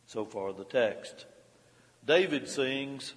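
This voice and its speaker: A male pastor with a middle-pitched voice delivers a measured sermon, lifting his voice on scripture and dropping low on chapter references. His words ring out through the long reverb of a large church sanctuary. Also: expressive. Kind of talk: sermon reading a devotional commentary.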